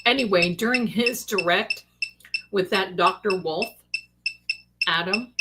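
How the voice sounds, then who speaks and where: A woman hosting a casual livestream, chatting excitedly as she eats and comments. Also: medium pitch, slow, very noisy. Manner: excited, chatty, talks with mouth full. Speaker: livestream host. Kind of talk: casual live commentary while eating. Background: dish and cutlery clatter.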